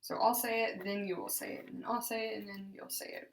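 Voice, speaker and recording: A woman leading a group voice exercise class, giving slow, deliberate, encouraging instructions. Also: mid-range voice, little pitch movement, slight background noise. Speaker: voice therapy exercise leader. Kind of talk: guided speech exercise class. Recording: roomy sound from a distance.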